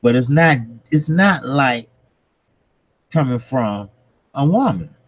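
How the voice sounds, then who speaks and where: A man's voice: mid-range voice, lively intonation, takes it slowly, dry recording, low-quality recording. A middle-aged man hosting his own channel, chatting loosely to his viewers with lots of fillers and laughs. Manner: loose and rambling, many fillers, laughs often. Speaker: channel host. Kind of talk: casual chat to camera and viewers.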